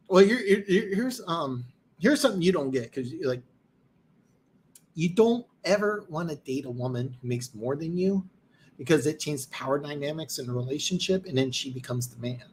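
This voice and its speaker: A man with an expressive, somewhat high voice hosts a live football stream at normal speed, reading comments. Tired and losing his voice, he rambles boastfully and keeps restarting.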